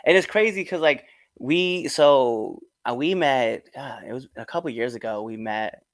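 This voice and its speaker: A man hosting a casual wrestling podcast interview, relaxed and enthusiastic, with lots of fillers. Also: mid-range voice, moderate pace, no room sound. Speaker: podcast host.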